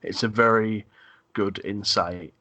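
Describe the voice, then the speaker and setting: A man hosting a podcast, chatting casually about films, halting and repeating words as he thinks. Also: fairly low pitch, steady tone, pushed and bright, no echo. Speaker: podcast host. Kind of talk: casual film discussion.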